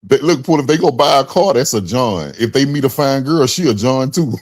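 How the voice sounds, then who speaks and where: A man's voice: mid-range voice, lively intonation, a little fast, no room sound, studio quality. A man from Baton Rouge, Louisiana, co-hosting a casual boxing chat in a laid-back, agreeable way. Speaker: boxing podcast co-host.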